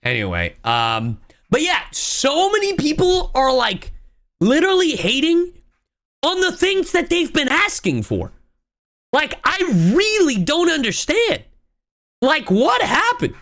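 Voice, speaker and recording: A young woman ranting on her live stream, exasperated and full of profanity. Her pitch leaps all over the place, from low mutters to high yelps. She keeps breaking off to answer her chat and thank her subscribers. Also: wildly swooping pitch, fairly bright tone. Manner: exasperated, swearing, rapid-fire ranting.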